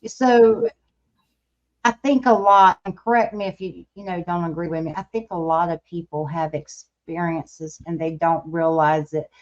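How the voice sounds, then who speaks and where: A woman's voice: fairly low pitch, fairly even intonation, moderate pace, dull audio. A woman hosting a podcast interview, chatty and asking long, leading questions. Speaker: podcast host. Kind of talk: casual interview.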